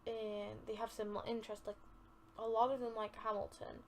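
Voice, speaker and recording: A woman's voice: a little high, flat delivery, a little fast, a little hiss or hum. A young woman hosting a casual podcast, chatting and rambling with lots of filler words and giggles. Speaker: podcast host.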